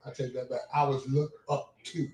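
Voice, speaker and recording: An older man, telling rambling, animated anecdotes in casual chat as a show host. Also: mid-range voice, moderate pace. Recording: echoey room.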